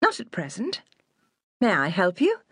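A woman's voice: mid-range voice, huge pitch swings, a little slow, breathy edge, no room sound, studio quality, pitched above the performer's own voice, heavily acted. A woman playing a proud apothecary's daughter. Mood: defensive. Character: proud young apothecary's daughter, quick-tempered.

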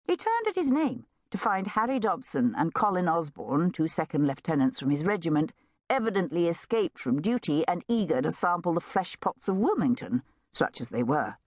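A woman narrating a historical novel in a measured, expressive reading. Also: on the low side, no room sound, studio quality. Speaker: audiobook narrator. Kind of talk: scripted narration.

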